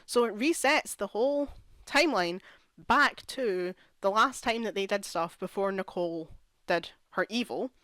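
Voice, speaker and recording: Exasperated and ranting, a young female vlogger chats casually about a TV series, leaning heavily on "like." She speaks at medium pitch and a little slowly, with a fairly bright tone on a dry recording.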